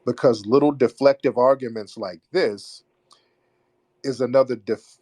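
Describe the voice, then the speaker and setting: A man hosting a live call-in debate, forceful and insistent, repeating his points and cutting callers off. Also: mid-range voice, unhurried, no echo. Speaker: host of a live call-in audio show.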